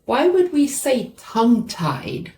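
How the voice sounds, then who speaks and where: A woman teaching English vocabulary, explaining words slowly and repeating key terms. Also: on the high side, very animated, darkish tone, slight background noise. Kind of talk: slow classroom-style vocabulary lesson.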